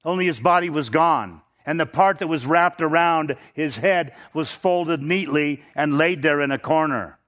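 Lively man preaching a sermon. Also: fairly high pitch, unhurried, hardly any pauses. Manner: animated storytelling with emphatic stresses.

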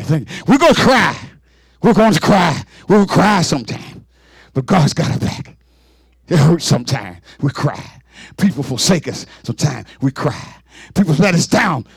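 A man a sermon in a whooping, sing-song style, with sudden exclamations and rapid repeated words. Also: a little high, breathy edge, no echo, clean studio sound. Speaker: preacher.

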